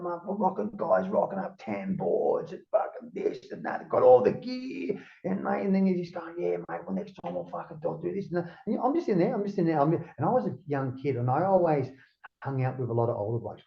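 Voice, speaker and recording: A man's voice: fairly high pitch, highs cut off. An Australian man, a guest in a casual interview, rambling and swearing freely, with "mate" in nearly every line.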